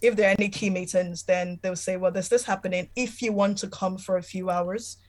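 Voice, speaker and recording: A woman, a podcast guest, tells a personal story in an earnest, reflective way, halting often and filling pauses. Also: medium pitch, fairly even intonation.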